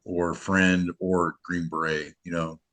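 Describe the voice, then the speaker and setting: A man's voice: deep voice, level tone, takes it slowly, a bit bright. A middle-aged man, a match director, chatting casually on a podcast in an earnest, rambling way with many restarts.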